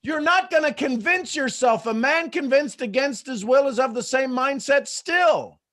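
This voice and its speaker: A man hosting a live coaching call, talking in an animated way and acting out the voices in people's heads. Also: very high voice, a little slow. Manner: animated, acts out inner voices. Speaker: host and motivational coach.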